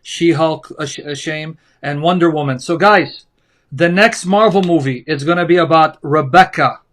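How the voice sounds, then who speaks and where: Emphatic sarcastic man, high bright voice. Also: moderate pace. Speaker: co-host. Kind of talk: heated apologetics discussion.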